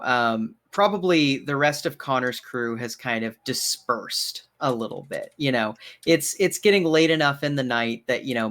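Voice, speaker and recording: A man's voice: medium pitch, a bit bright. A man narrating as game master, rambling with many fillers.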